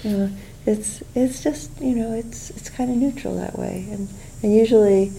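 A middle-aged woman giving a gentle, unhurried mindfulness talk, with many fillers and restarts. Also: fairly high pitch, creaky, a little hiss or hum, poor audio. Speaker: meditation teacher.

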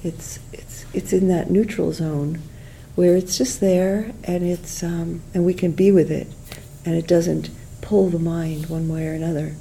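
A middle-aged woman giving a gentle, unhurried mindfulness talk, with many fillers and restarts. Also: lowish voice, fairly even intonation, creaky, a little hiss or hum, poor audio. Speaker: meditation teacher.

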